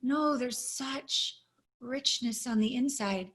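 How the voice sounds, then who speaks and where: A woman's voice: high voice, slow pace, a bit bright. Earnest woman coach sharing her story. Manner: earnest, reflective, openly emotional. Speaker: intimacy coach, guest. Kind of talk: interview storytelling.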